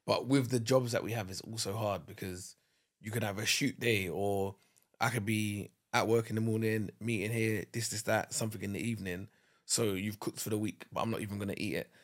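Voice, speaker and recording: A man's voice: on the low side, steady tone, fairly quick. A man co-hosting a casual couple's podcast, explaining his point through everyday household examples in an easygoing way. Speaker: podcast co-host.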